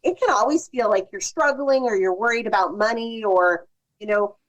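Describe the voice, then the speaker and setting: A woman's voice: fairly high pitch, moderate pace, rough recording. A woman, a podcast guest, giving thoughtful advice in casual conversation. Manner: thoughtful, restarts sentences.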